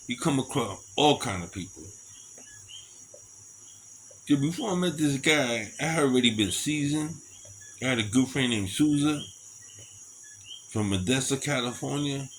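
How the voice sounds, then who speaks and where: A middle-aged man telling stories in a casual monologue, animated and chuckling often between them. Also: medium pitch, a little hiss or hum, low-quality recording. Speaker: storyteller.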